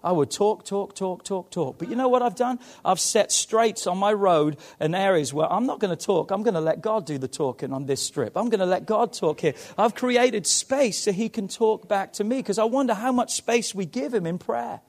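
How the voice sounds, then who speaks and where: Guy preaching in church, pretty high voice, goes big and loud then drops real quiet. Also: moderate pace, few pauses. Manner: emphatic preaching, swinging from loud to hushed. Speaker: pastor. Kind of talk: sermon.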